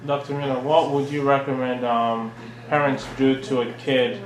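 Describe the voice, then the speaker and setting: A man in the audience asking a question haltingly, searching for his words. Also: mid-range voice, flat delivery. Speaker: audience member. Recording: distant echoey room with noise.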